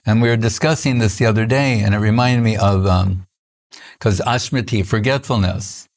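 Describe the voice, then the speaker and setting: An older man giving an informal spiritual lecture, telling stories conversationally with many restarts and soft laughs. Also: lowish voice, normal speed. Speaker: spiritual teacher.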